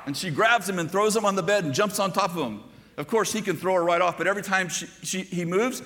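A man's voice: sits high, fairly quick, long reverb tail, crowd noise. An older man preaching a sermon, telling stories and talking directly to the congregation. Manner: storytelling preacher, conversational asides to the congregation. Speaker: pastor.

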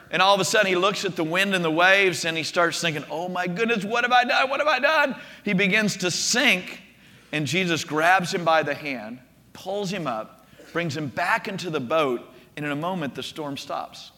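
A male preacher delivers a storytelling sermon with animated energy, doubling back on words as he goes. His voice is high and strikingly bright. A long reverb rolls around the large hall behind him. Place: room with a gathered congregation.

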